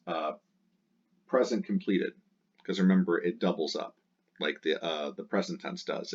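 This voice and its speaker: A Latin teacher with a low-pitched, darkish, slightly breathy voice teaches a grammar lesson, explaining step by step. He drills endings aloud in rhythmic lists, captured in a dull lo-fi recording.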